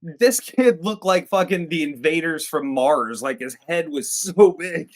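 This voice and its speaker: A man's voice: fairly high pitch, expressive, unhurried. Crude, joking man reviewing a movie. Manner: crude, joking, profane banter. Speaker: movie review podcast co-host. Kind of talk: casual chat.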